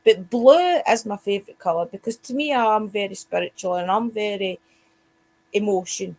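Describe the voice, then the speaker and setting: A woman's voice: mid-range voice, moderate pace, darkish tone. A Scottish woman co-hosting a casual spiritual chat show, talking straight to her listeners. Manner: chatty, addresses listeners directly. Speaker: co-host.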